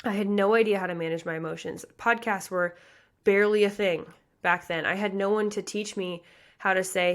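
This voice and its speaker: A woman in her early thirties, from the American Midwest, talks straight to her listeners as a pageant coach on her own podcast. Her delivery is earnest and passionate, quick and full of "like" and "you guys" fillers, in a mid-pitched voice. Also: fairly even intonation. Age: 30s. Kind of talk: motivational podcast monologue.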